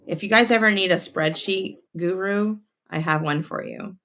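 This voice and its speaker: Gravelly-voiced woman chatting while sewing. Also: medium pitch, moderate pace. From North Carolina. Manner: chatty, reads viewer comments aloud. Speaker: quilting livestream host. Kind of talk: casual chat while sewing. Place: home sewing room. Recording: faint sewing machine noise.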